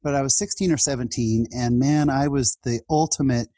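Husky, heartfelt man telling stories. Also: medium pitch, fairly quick, dark tone, no echo. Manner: heartfelt and chatty, with laughs and restarts. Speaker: podcast guest. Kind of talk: personal storytelling in an interview.

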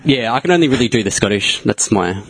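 A man of medium pitch tells a work story to his podcast mates in an easygoing, giggly way. His intonation moves around a lot. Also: expressive, fast talker, a bit bright, husky. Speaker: podcast co-host. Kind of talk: casual banter among friends.

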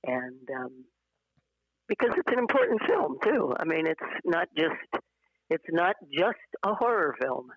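Older actress laughing through remote chat. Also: female voice, on the low side, big pitch swings, unhurried, dry recording, lo-fi sound. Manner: chatty, laughs often, trailing restarts. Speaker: actress guest. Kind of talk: casual interview conversation.

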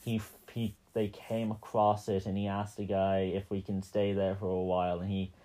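A man's voice: deep voice, completely flat delivery, moderate pace, dark tone. A man co-hosting a casual podcast, recapping a film in a joking, rambling way with lots of fillers. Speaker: podcast co-host.

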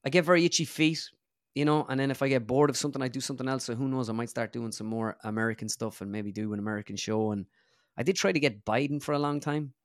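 A man's voice: mid-range voice, fast talker, no room sound, clean studio sound. A young Irish man from the Midlands, a comedian being interviewed casually, who runs his sentences together with many fillers. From Ireland. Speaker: comedian and impressionist, guest.

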